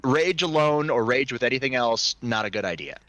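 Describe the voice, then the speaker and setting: A man narrating as game master in a tabletop role-play game, casual and crude in his jokes. His voice is bright and forward. The sound is dry and close, with little room around it. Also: mid-range voice, lively intonation, brisk, dry recording.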